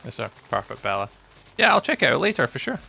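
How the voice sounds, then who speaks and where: Gravelly man with a mild Scottish accent. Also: medium pitch, big pitch swings, quick pace, pushed and bright, soft background music. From Scotland. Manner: chatty, replies to viewers' chat messages. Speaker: game streamer. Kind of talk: casual live-stream chat.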